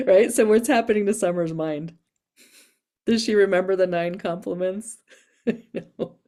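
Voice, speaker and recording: A woman's voice: medium pitch, unhurried, pauses often, dark tone. A woman leading a breathing workshop, teaching in a chatty way, laughing often and asking "right?" as she goes. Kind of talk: casual teaching talk. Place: Boise, Idaho.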